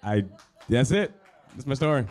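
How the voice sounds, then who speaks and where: A man's voice: mid-range voice, animated, normal speed, darkish tone. A man hosting a live storytelling show, bantering casually with the audience in a rambling, self-deprecating way.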